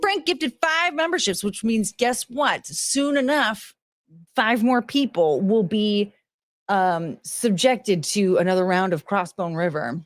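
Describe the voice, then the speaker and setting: A woman in her forties chatting casually on a livestream, rambling and excitable, swearing freely, with sudden loud outbursts. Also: medium pitch, slow pace. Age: 40s. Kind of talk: casual livestream chat reading viewer messages.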